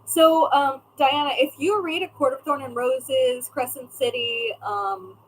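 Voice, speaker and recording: A woman's voice: high voice, steady tone, unhurried, low-quality recording. A woman hosting a casual livestream, chatting with viewers by name and trailing off as she searches for things. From California. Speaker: livestream host.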